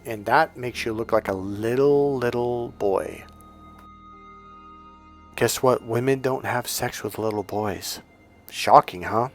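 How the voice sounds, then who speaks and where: A man's voice: mid-range voice, slow, long pauses, soft background music. A middle-aged man teaching as a dating coach, blunt and profane, acting out stories as he talks. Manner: blunt, profane, storytelling with acted-out voices. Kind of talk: instructional monologue.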